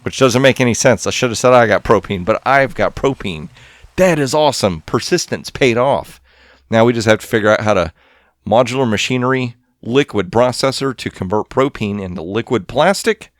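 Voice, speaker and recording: A man hosting a gaming channel, giving excitable, casual commentary to viewers as he plays. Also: mid-range voice, normal speed, no echo, clean studio sound. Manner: excitable, talks to viewers while playing.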